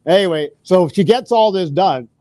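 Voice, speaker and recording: High-voiced man telling a story. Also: normal speed, no room sound. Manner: animated anecdote with acted quotes and laughs. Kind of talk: casual storytelling.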